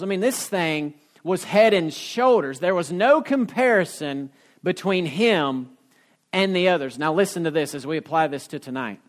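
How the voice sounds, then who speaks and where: High-voiced folksy preacher man. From Ohio. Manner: folksy storytelling preacher, rising to emphatic peaks. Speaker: pastor. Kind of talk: sermon.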